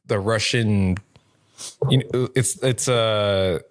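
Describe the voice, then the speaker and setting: Guy on a comic podcast, swears a lot while retelling the issue, does quick character lines. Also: lowish voice. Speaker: comic book podcast co-host. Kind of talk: casual review chat.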